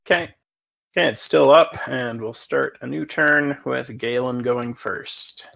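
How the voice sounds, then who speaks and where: A man's voice: medium pitch, measured pace, creaky, a bit bright. A man running a tabletop game as game master, matter-of-fact and asking about the rules.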